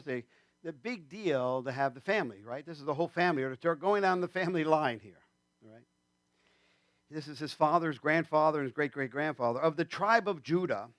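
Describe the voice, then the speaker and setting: A man's voice: medium pitch, fairly bright tone, no room sound. A man preaching a sermon in a church, conversational and rambling, with many fillers and asides. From New York State. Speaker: pastor.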